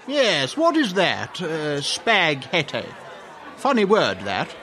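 A man's voice: fairly high pitch, wildly swooping pitch, takes it slowly, fairly bright tone, a faint crowd, slight background noise, full character voice. A man playing a snooty, fussy diner with a pompous, sniffy manner.

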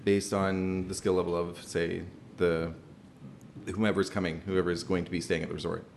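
Man, interview host, very low pitch, gravelly fry, encouraging interjections. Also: little pitch movement, normal speed, slight background noise. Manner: encouraging, interjects often with wow and right. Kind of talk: conversational interview.

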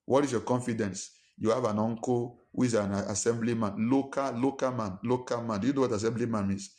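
A man's voice: medium pitch, fairly even intonation, a little fast, a little mellow. A male pastor delivers a sermon in a mid-range voice. He preaches emphatically and fires one rhetorical question after another. He acts out quarrels in a raised voice. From Nigeria.

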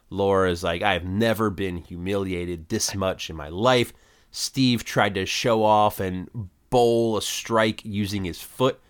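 A deep, smooth-voiced man talks through a sitcom plot in a loose, chatty way. He pads his sentences with ums and uhs and stops now and then to add his own comments. The voice is low and clean. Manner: plot retelling with many fillers. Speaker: podcast co-host. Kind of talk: casual recap chat.

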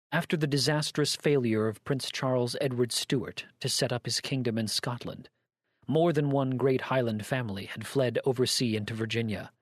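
A man reads a classic story aloud in a measured, even manner. His pitch sits in the middle range. The recording is close and dry, with no room sound. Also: no room sound. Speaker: narrator. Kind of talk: scripted narration of a story.

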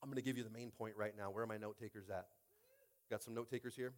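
A man's voice: lowish voice, quick pace. A pastor preaching a sermon, reading verses aloud and calling out to his congregation. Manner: animated, calls out to the congregation; reads scripture verses aloud.

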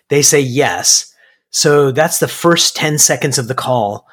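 Man, podcast host, fairly high voice, upbeat, quick affirmations, conversational. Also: animated, fairly bright tone, slightly rough. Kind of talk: conversational interview.

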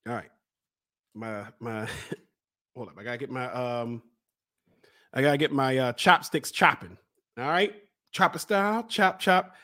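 A man's voice: medium pitch, unhurried, long pauses. A man from Baltimore hosting a casual solo vlog, playful and exclamatory, drawing things out and laughing often. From Baltimore, USA. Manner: lively, exclamatory. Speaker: podcast host.

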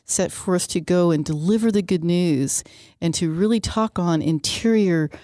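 A woman's voice: lowish voice, moderate pace, dark tone, no room sound, studio quality. A woman hosting a faith radio talk show, chatty and enthusiastic, with a lot of fillers. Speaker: radio host.

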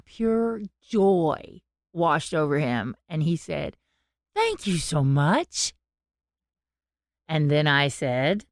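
A woman co-hosting a podcast, retelling stories with animated quoted voices. Her voice sits a little low for a woman. The sound is dry and close to the mic. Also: no room sound. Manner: animated storytelling, acting out quotes. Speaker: podcast co-host. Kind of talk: casual podcast chat.

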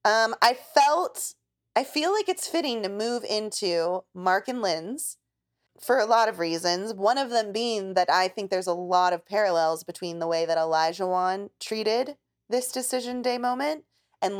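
A woman's voice: mid-range voice, a little slow. A woman co-hosting a podcast, chatting casually about a reality show and laughing often. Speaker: podcast co-host.

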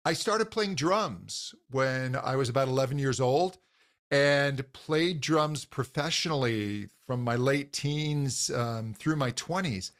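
A man's voice: medium pitch, slow, a bit bright. Man talking shop about voice teaching, casual, fired up, lots of ums. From grew up in a Scottish household. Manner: earnest, enthusiastic, many fillers and restarts. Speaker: voice teacher, podcast guest. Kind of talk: casual interview talk.

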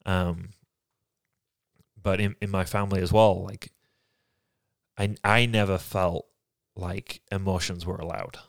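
A man from England, co-hosting a podcast and talking candidly about his life in a reflective, halting way. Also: low-pitched, fairly even intonation, no echo, studio quality. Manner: reflective, halting, soft-spoken. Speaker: podcast co-host. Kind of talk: candid personal conversation.

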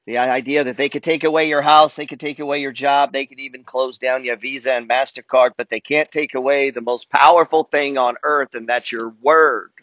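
A man's voice: mid-range voice, fairly even intonation, a little fast, hardly any pauses, fairly bright tone, dry recording. A man giving a motivational monologue as a wealth and trading coach, emphatic and preacher-like, swearing freely.

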